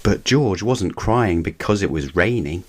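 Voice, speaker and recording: A man reading a children's picture book aloud at a slow, unhurried pace. His voice is low and deep, and his delivery stays measured and even. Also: breathy edge. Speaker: narrator. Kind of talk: storybook reading.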